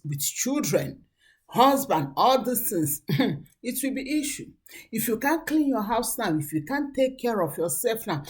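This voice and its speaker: A woman giving earnest, preachy relationship advice to young women, acting out the people she quotes. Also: lowish voice. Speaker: relationship coach. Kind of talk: motivational advice talk.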